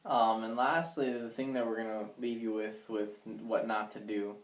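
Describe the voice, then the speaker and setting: A young man giving dating advice in a measured way, with many ums and uhs. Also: fairly low pitch, fairly even intonation. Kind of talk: casual advice talk. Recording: echoey room.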